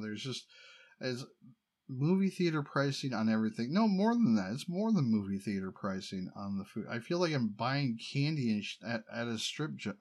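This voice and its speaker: A middle-aged man from the United States in a casual personal monologue, rambling and wryly complaining. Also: mid-range voice. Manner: rambling, wry, exasperated complaining with laughs.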